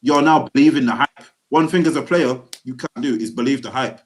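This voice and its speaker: A young man co-hosting a football podcast in slangy, animated banter. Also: medium pitch, fairly quick. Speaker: podcast co-host. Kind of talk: casual podcast chat.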